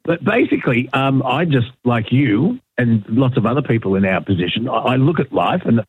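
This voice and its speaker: A man's voice: mid-range voice, sing-song, moderate pace, slightly rough, no room sound. Australian man chatting over a phone line. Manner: chatty storyteller, many fillers and restarts. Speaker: guest, radio broadcaster and podcaster. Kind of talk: casual radio chat. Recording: dry tinny phone line.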